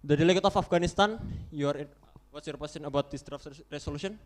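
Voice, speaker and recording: A young man with an Indonesian accent chairs a model UN roll-call vote in English, with a slightly raised voice. He talks in a halting way, restarting and correcting himself as he goes. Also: a little high. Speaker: conference chair.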